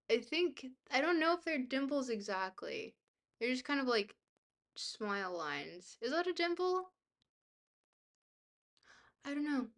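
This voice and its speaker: Woman streamer, upbeat and rambling, voice a touch high. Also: fairly bright tone. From Scotland. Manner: bubbly, thanks chat often, trailing filler words. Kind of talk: casual live-stream chat reading.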